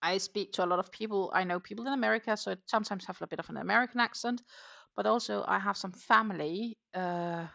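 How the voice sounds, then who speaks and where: Talking fast with vocal fry, this Danish woman has a mid-range, bright voice and a forceful tone, captured in lo-fi sound. She hosts a relaxed crochet livestream from home, reading comments aloud with plenty of fillers in a Danish-Dutch-English accent.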